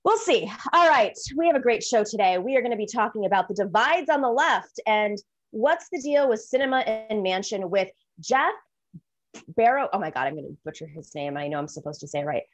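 Animated woman hosting a political talk show. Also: medium pitch, fairly quick. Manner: animated, rambling, self-deprecating.

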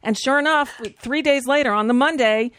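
A woman's voice: sits high, moderate pace, fairly bright tone, clear, resonant tone. A woman co-hosting a casual political chat, reading documents aloud with wry asides. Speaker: podcast co-host.

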